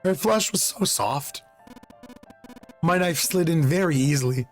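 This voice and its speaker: A cold, courteous villain who talks slowly and savors every threat, as a slightly hoarse man puts him on. The voice sits a bit high for a man. Faint music plays underneath. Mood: savoring. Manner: calm, measured, menacing. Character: cold, polite, murderous older man villain.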